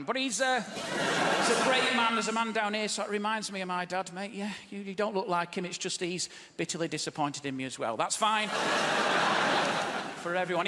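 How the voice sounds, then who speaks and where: A wry man comic with a high voice works a big live theatre crowd, pushing his punchlines up to a shout. Loud noise fills the space behind him. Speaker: stand-up comedian. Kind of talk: stand-up comedy set. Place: large theatre stage before a live audience.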